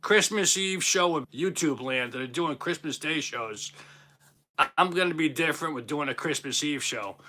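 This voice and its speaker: A chatty Boston-accented man in his fifties hosts a casual livestream, teasing himself and his viewers. His voice sits slightly high and has a sharp, bright ring. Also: normal speed. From Boston, Massachusetts. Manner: jokey, chatty, self-teasing. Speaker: livestream host. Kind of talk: casual livestream chat reading viewer comments.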